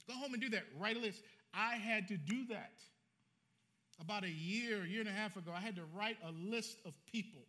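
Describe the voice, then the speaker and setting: A man preaching a sermon as pastor, animated and colloquial, joking with his congregation. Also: high voice.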